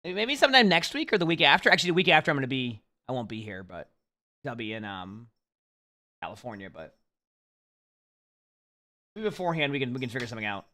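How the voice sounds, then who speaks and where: A man's voice: medium pitch, sing-song, fast, long pauses, bright, forceful tone. A young man streaming, chatting casually with viewers in a rambling way full of restarts. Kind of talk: casual livestream chat.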